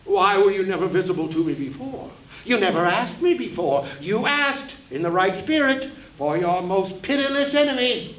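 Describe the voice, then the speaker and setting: A man's voice: sits high, expressive, moderate pace, a bit bright. A man on stage playing a taunting, gleeful male conscience spirit in a one-man play, recorded from a distance in a roomy hall. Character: mocking impish male conscience, a dwarf-sized spirit. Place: theater stage before an audience. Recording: roomy hall, distant mic, faint hiss.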